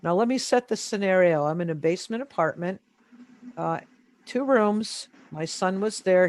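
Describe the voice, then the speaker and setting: High-voiced man telling a story. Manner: storytelling, animated, with many fillers. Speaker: interview guest. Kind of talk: casual interview talk.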